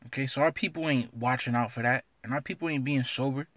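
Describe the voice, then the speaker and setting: A man's voice: medium pitch, fast talker, fairly bright tone, no room sound. A man giving an informal scripture lesson, blunt and streetwise, tagging his lines with "man" and reading verses aloud in an old-fashioned cadence. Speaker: religious teacher.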